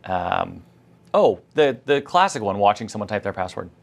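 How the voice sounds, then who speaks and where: A man's voice: on the low side, big pitch swings, moderate pace, creaky. A man co-hosting a conversational tech lesson, chatty and full of anecdotes and quoted asides. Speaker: co-host.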